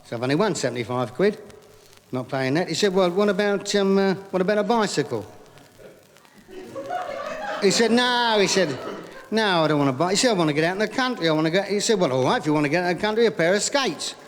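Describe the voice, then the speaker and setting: High-voiced man telling stand-up gags live. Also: lively intonation. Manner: rapid gag patter with repeated "he said". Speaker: stand-up comedian. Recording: live vinyl recording in a hall with audience laughter.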